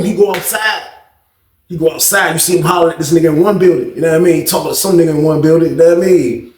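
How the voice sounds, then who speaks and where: A man telling a profane prison story in a casual, animated way, acting out the other people's voices. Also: a little high, racing. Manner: animated, acts out others' voices, heavy cursing. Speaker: storyteller vlogger. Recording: echoey room.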